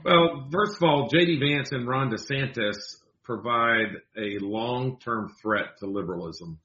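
A bright-toned man speaks as a guest commentator on a political talk show. He talks in a measured, deliberate way and sometimes restarts words. The sound is roomy and slightly lo-fi. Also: medium pitch.

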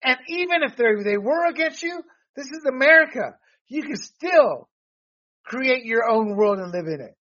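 A man hosting a political commentary podcast, talking in an animated, rambling way with restarts and laughs. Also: extremely high pitch, normal speed. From Latino background. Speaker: podcast host. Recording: dull lo-fi sound.

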